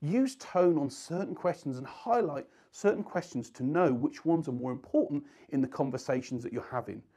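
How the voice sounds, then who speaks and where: A man's voice: on the high side, lively intonation, normal speed, hardly any pauses, warm tone. A man teaching sales skills in an earnest coaching tone, leaning on key words for emphasis. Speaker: sales trainer. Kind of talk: instructional talk to camera.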